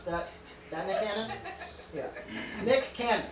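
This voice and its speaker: A man's voice: high voice, expressive, moderate pace, darkish tone. Rambling male stand-up comedian. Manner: rambling, absurd, laughs at his own jokes.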